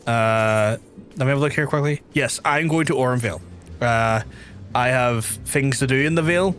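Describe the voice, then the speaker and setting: A man with a Northern Irish accent talks through a gaming stream in a middle-range voice, rambling from one gripe to the next. He slides into exasperated mock rants, with soft game music playing faintly underneath. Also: medium pitch, normal speed. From Northern Ireland. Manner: rambling, exasperated ranting with mock-outraged quoted asides. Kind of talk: casual gaming-stream chat.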